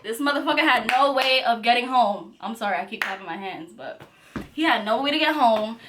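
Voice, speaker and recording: A young woman vlogger tells a story to camera with lots of energy and constant swearing. Her voice sits a little high. When she quotes people she pushes her voice up and out. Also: slight background noise. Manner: animated, profanity-heavy storytelling; acts out quotes in a raised voice. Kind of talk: storytime vlog.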